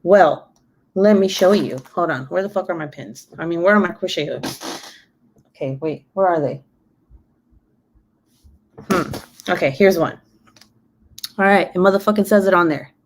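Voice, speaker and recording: A woman's voice: on the low side, moderate pace, pauses often. A woman in her twenties chatting casually on her live stream, cussing freely and laughing often. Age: 20s. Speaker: YouTuber.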